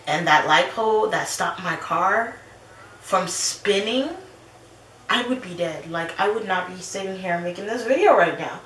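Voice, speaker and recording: A woman's voice: mid-range voice, moderate pace, a little hiss or hum. Young woman chatting in an echoey room. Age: 20s. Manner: animated storytelling with laughs. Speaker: vlogger. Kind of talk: casual personal chat. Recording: roomy echo, slightly distant mic.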